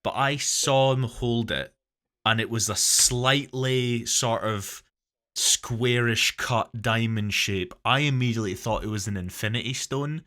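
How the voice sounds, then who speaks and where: A man's voice: mid-range voice, measured pace, bright, forceful tone. A man co-hosting a casual podcast chat, hesitant and thinking aloud. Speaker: podcast co-host.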